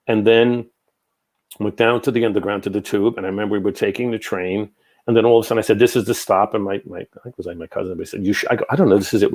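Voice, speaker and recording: A man, telling long rambling stories as an interview guest. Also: on the low side. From New York. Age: 60s. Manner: rambling, animated anecdotes with many asides. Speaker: guest, psychic medium. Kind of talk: casual storytelling in an interview.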